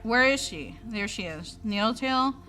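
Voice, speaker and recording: A young adult woman hosting a casual stream, talking in an animated, exasperated way with a lot of swearing. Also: on the high side, unhurried. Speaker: streamer host. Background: faint music.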